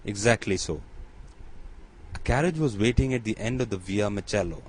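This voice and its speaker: Low-voiced male audiobook narrator. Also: expressive, fast, slight background noise, rough recording.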